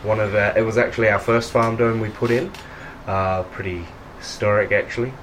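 A man voicing a polite female town mayor who talks in halting, hesitant phrases. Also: lowish voice, fairly even intonation, fairly bright tone, slight background noise, natural voice. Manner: hesitant, filler-heavy.

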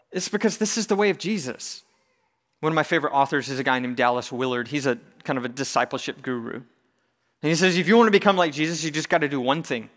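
A man preaching a sermon in a conversational, animated way with touches of humor. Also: fairly high pitch, big-room sound. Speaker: pastor.

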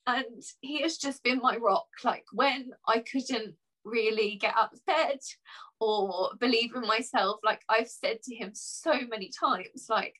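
A young woman with a bright, sharp-edged voice speaks openly and from the heart. She rambles a little with fillers as she shares personal memories, her feeling close to the surface. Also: a little high, unhurried, low-quality recording. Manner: candid, tearful at times, many fillers. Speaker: guest. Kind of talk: emotional personal conversation.

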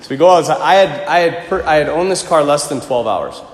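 Animated priest preaching in an echoey hall. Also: male voice, a little high, fairly quick, a little hiss or hum. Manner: animated storytelling, chuckling asides. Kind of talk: sermon with personal story.

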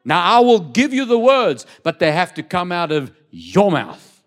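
Preaching in church, this male pastor has a high voice with big pitch swings. He reads scripture aloud, calls on the congregation to respond, and lands his points with dramatic, slow emphasis.

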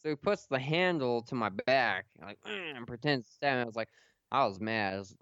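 A man's voice: medium pitch, brisk, a bit bright, smooth, no echo, dull audio. A young man hosting a casual podcast, swearing and laughing as he tells stories. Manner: profane, laughing storyteller. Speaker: podcast host.

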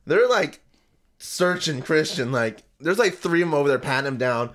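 A man's voice: fairly high pitch, normal speed. A man casually telling a story, laughing often, swearing, and acting out what others said. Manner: animated, laughing, swearing, acts out quotes.

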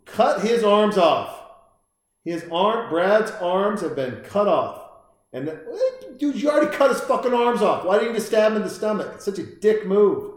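A man's voice: a little high, moderate pace. Rambling man in a very echoey room. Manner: rambling, excitable, talks to characters on screen. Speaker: host watching and commenting on a horror film. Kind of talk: casual live film commentary while drinking beer.

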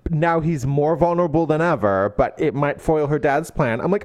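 A man recaps a novel's plot in a casual book chat, wry and exasperated, with casual swearing. His fairly high voice moves around a lot. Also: big pitch swings, normal speed, few pauses, a little mellow, no echo, clean studio sound. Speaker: book podcast co-host.

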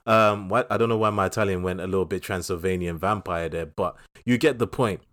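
A man's voice: low-pitched, brisk, a bit bright. A man co-hosting a casual podcast, chatting about films in a rambling, jokey way with many restarts. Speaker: podcast co-host. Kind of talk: casual podcast film chat.

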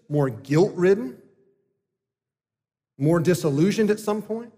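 A man preaching a sermon as a pastor, earnest and emphatic, with deliberate pauses. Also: sits high. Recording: long hall reverb.

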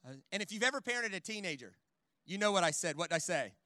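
A man preaching a sermon in a church in an animated, conversational way, full of jokes and quick "right?" asides. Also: sits high, dry recording, clean studio sound. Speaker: guest preacher. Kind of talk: sermon with storytelling.

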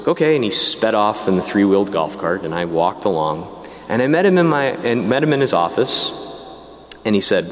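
Animated man in a reverberant hall. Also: fairly low pitch. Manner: animated storytelling with casual asides. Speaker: priest telling his vocation story. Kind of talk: personal testimony talk.

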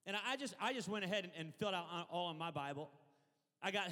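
A man preaching a lively sermon from a church stage, leading loud call-and-response with the crowd. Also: high-pitched, rapid-fire. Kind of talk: energetic sermon. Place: church auditorium. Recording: long hall reverb.

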